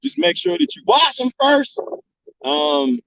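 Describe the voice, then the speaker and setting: A man hosting a casual livestream, reading comments and rambling in an animated, profane and laughing manner. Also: extremely high pitch, slow, vocal fry, no echo. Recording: dull lo-fi dry sound.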